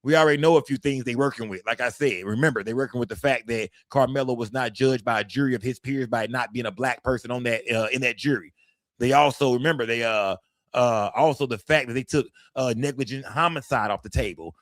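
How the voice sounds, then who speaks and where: A man's voice: medium pitch, brisk, no room sound, clean studio sound. A man hosting a livestream, giving blunt, profane commentary and talking straight to his chat. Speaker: livestream host.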